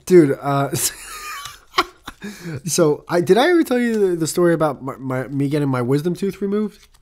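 Joking man, slightly higher voice. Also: wildly swooping pitch, a little slow. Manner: joking, crude banter. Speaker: podcast guest. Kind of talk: casual chat.

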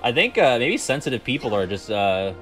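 A man's voice: medium pitch, big pitch swings, fairly quick, fairly bright tone, faint music behind. Joking, foul-mouthed gaming streamer guy. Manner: joking, profane, talks to chat. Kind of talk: casual gaming stream chat.

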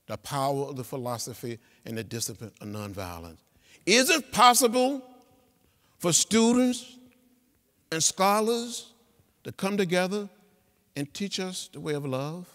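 A man, giving an inspirational speech in a rhythmic, preacher-like cadence with repeated phrases that swell to loud peaks. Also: fairly high pitch. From Alabama. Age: 70s. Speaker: guest speaker. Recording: long reverb of a big hall.

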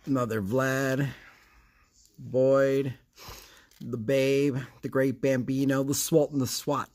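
A man's voice: mid-range voice, level tone, takes it slowly, long pauses, darkish tone. A man hosting a casual card-opening vlog, chatty and rambling, with a sarcastic streak. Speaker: card collecting channel host.

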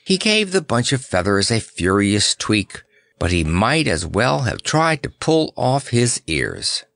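A man narrating a children's book in a measured, expressive way. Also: lowish voice, creaky, no room sound. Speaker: audiobook narrator. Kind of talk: scripted narration.

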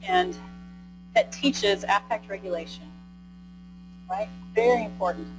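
This rough recording, set over music, captures a female presenter with a mid-range, animated voice at normal speed. Lecturing a live audience in a conference room, she stays conversational, tags on "right?", and puts questions to listeners.

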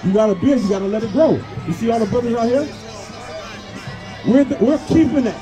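High-voiced man preaching over a street crowd. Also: lively intonation, brisk. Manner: pressing, repeatedly asks questions, sometimes shouts. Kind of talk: street preaching with questions to passers-by. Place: outdoors at a busy street parade. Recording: outdoor street noise, crowd and music. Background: parade crowd and music.

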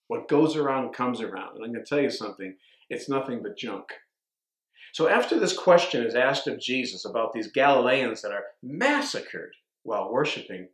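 A man's voice: mid-range voice, roomy sound, low-quality recording. A man preaching a sermon as a pastor, stumbling over repeated words and restarting his sentences as he reads scripture aloud.

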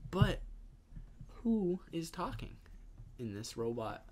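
Young male co-host, easygoing, higher voice with an animated swing. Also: a little hiss or hum. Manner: easygoing, agreeable, quick to laugh. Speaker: podcast co-host. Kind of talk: casual chat.

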